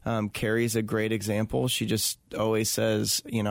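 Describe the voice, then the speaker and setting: A man's voice: fairly low pitch, completely flat delivery, normal speed, vocal fry, dry recording, studio quality. A man speaking as an interview guest, talking earnestly and reflectively with many fillers and restarts. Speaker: guest, touring event host. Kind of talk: casual interview conversation.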